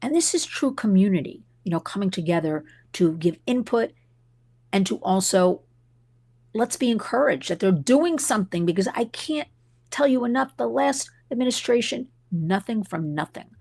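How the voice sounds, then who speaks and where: A woman's voice: medium pitch, expressive, moderate pace, vocal fry, a little mellow, dry recording. A middle-aged woman hosting a live stream, talking to her viewers with passion and wandering into side stories. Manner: passionate, digressive storytelling. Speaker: host and advocate.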